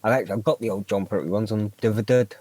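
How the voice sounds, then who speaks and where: A man with a low voice, chatting casually on a podcast. His delivery is dry and jokey, often trailing off mid-thought. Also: very fast, mellow, no room sound. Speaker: podcast co-host. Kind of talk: casual chat.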